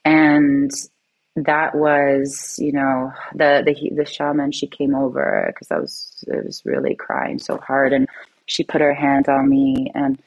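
Interview guest, woman, very low voice, earnest and reflective, personal storytelling. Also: takes it slowly, vocal fry, darkish tone, rough recording.

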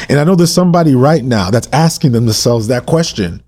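Passionate husky-voiced man preaching. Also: medium pitch, expressive, brisk, few pauses. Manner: emotional, passionate, repeats rhetorical questions; swings between urgent and hushed delivery. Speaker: podcast host. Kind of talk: impassioned Bible-reading podcast.

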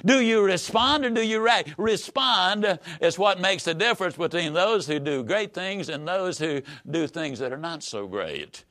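Animated, emphatic motivational speaker, a man. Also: fairly high pitch, a little slow. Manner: emphatic, preacher-like, sweeping rises and drops. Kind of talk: motivational speech.

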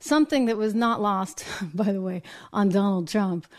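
A woman from the United States hosting a live political commentary show, talking in an animated way and acting out quotes in mock voices. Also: medium pitch, normal speed. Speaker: host.

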